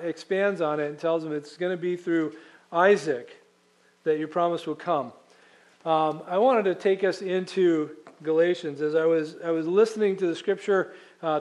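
A man's voice: fairly high pitch, a little mellow. A man preaching a sermon as pastor, reading scripture and explaining it in a conversational, emphatic way, asking the congregation questions.

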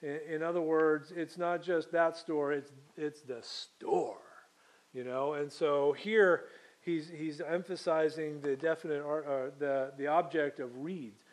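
A man delivers a sermon in a slightly higher than average voice. He reads the scripture aloud slowly and measuredly, then explains it in a teaching tone that is full of fillers and restarts. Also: fairly even intonation. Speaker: pastor.

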